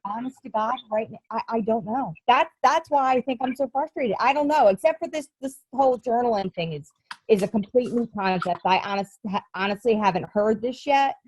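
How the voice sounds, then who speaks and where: A woman coach sharing her frustrations in a group call, speaking in a halting way with many restarts. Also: fairly high pitch, darkish tone, no echo, poor audio.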